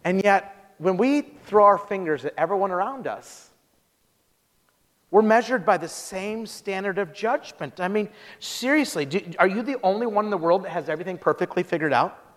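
A man preaching a sermon as pastor, telling stories in an animated way with quick restarts. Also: high voice, long reverb tail.

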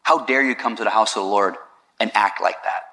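A stern old priest scolds with indignation, put on by a man retelling the story in a sermon. The voice is bright and forceful, with a sharp edge. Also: on the low side, a little fast, pitched below the performer's own voice. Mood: scolding.

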